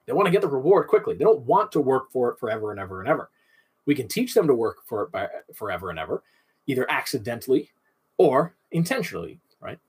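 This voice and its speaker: A man's voice: mid-range voice, very animated, fast talker, husky. A man in his thirties, a dog trainer giving an instructional talk, asking himself questions and answering them.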